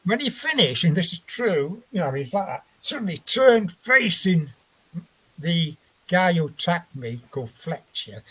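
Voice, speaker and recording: Husky, fairly high-voiced man, a chat show guest who rambles through his story, swears freely and acts out the lines of others. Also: expressive, a little slow, fairly bright tone. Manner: rambling, profane, acts out quotes.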